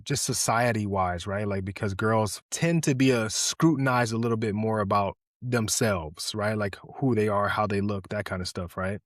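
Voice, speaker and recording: A man's voice: on the low side, dry recording. Reflective man saying "right?", dry mic. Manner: repeats words, adds "right?" often, reflective. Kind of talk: casual conversation.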